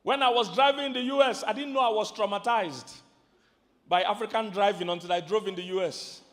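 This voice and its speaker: Nigerian guy preaching, pretty high voice, lively, lots of questions at the crowd, echoing hall. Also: brisk. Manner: animated preaching, quizzes the audience. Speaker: pastor and relationship teacher. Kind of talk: sermon. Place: large hall with a live audience. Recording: long hall reverb.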